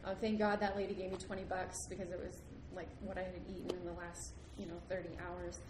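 Young woman, animated storyteller. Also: on the low side, a little fast. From United States. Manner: animated, laughs often, acts out the people in her story. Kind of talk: casual storytelling. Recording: roomy with background noise.

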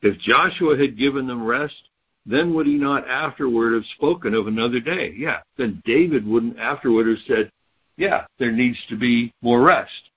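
A man's voice: medium pitch, normal speed, highs cut off, slight background noise. A man teaching a Bible study, reading verses aloud and explaining them point by point. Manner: reads scripture aloud, then explains it step by step.

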